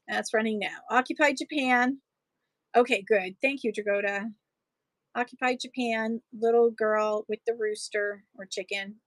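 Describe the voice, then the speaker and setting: A woman's voice: a little high, a bit bright, no echo. A woman selling small collectibles on a live stream, chatting casually and cooing over little items. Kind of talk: live auction unboxing chat.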